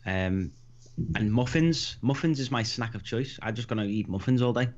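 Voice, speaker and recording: A man's voice: mid-range voice, animated, normal speed, a little hiss or hum. Cheerful man on a lo-fi line. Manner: cheerful, hesitant. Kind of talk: casual group chat.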